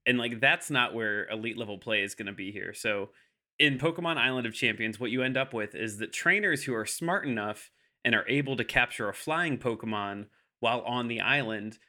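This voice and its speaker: A man pitching an imaginary game on a comedy podcast, building to over-the-top, escalating hype. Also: fairly quick, sharp tone.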